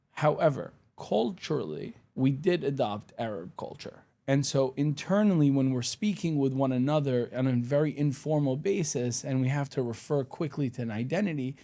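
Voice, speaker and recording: A man from Syria whose first language is Arabic talks as a podcast guest. His voice is mellow and warm. He makes his points emphatically and pushes back firmly when he disagrees. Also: mid-range voice. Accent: none, worked to lose his Syrian accent, sounds like a New Yorker. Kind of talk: casual interview talk.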